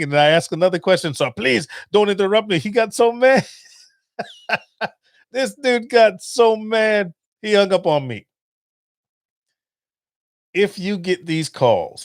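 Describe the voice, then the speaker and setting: A podcast host with a high-pitched male voice tells stories in a casual, animated monologue, laughing and acting out phone calls. The recording is clean studio sound with no echo.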